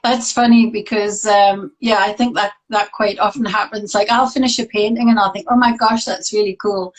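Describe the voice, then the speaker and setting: A woman who teaches art and coaches, hosting a relaxed chat on a video call and laughing often. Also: medium pitch, normal speed, rough recording. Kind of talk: casual conversation.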